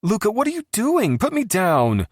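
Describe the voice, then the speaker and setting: A man voicing a tipsy, defiant young woman who slurs and giggles, raised well above his own low, husky voice. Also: huge pitch swings, normal speed, no room sound, studio quality. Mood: protesting.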